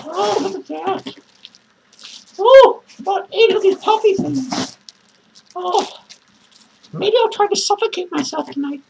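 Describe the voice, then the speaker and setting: A lonely, bitter clown woman, voiced by a man in falsetto, rambles through a homemade comedic review skit. Her voice is piercingly high and shrill, and she swears constantly and self-pityingly. A clear hiss of background noise runs under the home recording. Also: measured pace, long pauses, full character voice, low-quality recording. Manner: rambling, swearing, cackling between lines. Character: lonely bitter foul-mouthed female clown.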